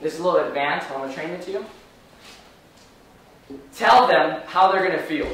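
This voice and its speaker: An energetic man trains a room of salespeople, firing rhetorical questions at his audience. His voice sits high and he talks fast. He is recorded from far off in a very echoey room. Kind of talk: live training seminar.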